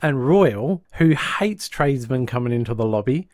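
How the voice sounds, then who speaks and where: A man co-hosting a podcast, recapping a sitcom plot in lively casual chat and dropping into quick voices for the characters. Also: mid-range voice, no echo, clean studio sound. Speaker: podcast co-host.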